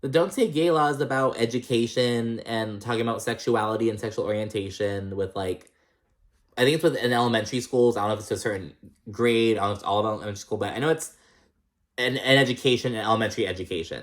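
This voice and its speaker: A man's voice: medium pitch, fast. A man recapping reality TV in casual chat, blunt and sassy, swearing a lot and calling people "girl".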